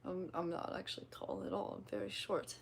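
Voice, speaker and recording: Giggly Midwestern woman with vocal fry. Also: medium pitch, flat delivery, brisk, whispered. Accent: slight Midwestern twang. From American Midwest. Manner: giggly, playful, self-teasing. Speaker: streamer. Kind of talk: casual livestream chat reading comments.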